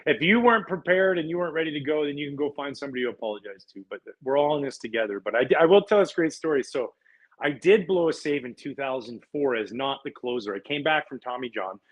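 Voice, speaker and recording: A middle-aged man from Canada, a former pitcher, chatting as a guest and telling stories with lively laughs and quick restarts. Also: poor audio. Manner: animated storyteller, laughs often, restarts words. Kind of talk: casual interview chat, storytelling.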